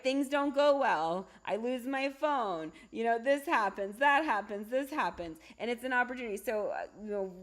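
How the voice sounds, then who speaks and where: A middle-aged woman, a holistic doctor, talking casually on a livestream, chatty and animated, often asking "right?" and laughing. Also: on the high side. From United States. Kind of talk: casual livestream talk with storytelling.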